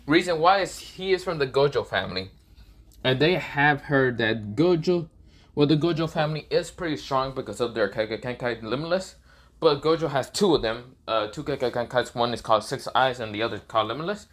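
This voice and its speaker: A man tells a fan story off the cuff, rambling with frequent pauses and fillers and dropping curse words along the way. His voice is bright and forceful, sitting at an ordinary pitch for a man. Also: animated. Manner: rambling, swearing, many fillers. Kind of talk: casual fan story narration.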